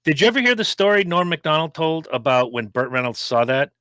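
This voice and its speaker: A man's voice: fairly high pitch, big pitch swings, a little fast, bright, forceful tone, no echo. A man co-hosting a casual podcast chat, blunt and jokey as he tells stories. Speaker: podcast co-host.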